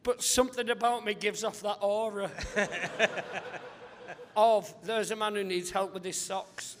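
A male comedian guest on a live podcast interview, telling rambling, animated anecdotes and acting out other people's voices. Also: high-pitched, measured pace, big-room sound, background noise.

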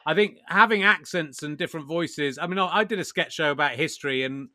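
A man hosting a podcast interview, chatty and eager, quickly agreeing with his guest. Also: on the high side, pushed and bright, dry recording, clean studio sound. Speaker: podcast host. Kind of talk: casual chat.

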